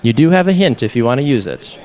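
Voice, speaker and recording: A man hosting a sports news quiz show, reading the rules clearly and bantering with his panel. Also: medium pitch, very animated, quick pace, a little mellow. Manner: upbeat, chatty, reads rules clearly.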